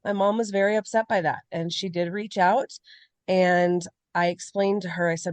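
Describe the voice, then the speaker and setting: A woman's voice: fairly low pitch, fairly even intonation, moderate pace, dry recording. A woman co-hosting a podcast, talking candidly and in a rambling way about personal struggles in casual chat. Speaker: podcast co-host.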